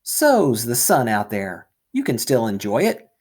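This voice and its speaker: A man's voice: medium pitch, huge pitch swings, measured pace, darkish tone. Man doing a wheedling tempter. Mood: sly. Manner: wheedling, salesman-like. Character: sly fast-talking male tempter.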